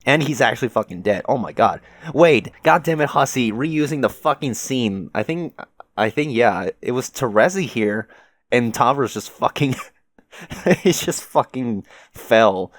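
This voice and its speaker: A man's voice: medium pitch, expressive, a little slow, no room sound, clean studio sound. A young man reading a webcomic aloud and reacting live, swearing, exclaiming and laughing between his remarks. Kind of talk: read-along with live reactions.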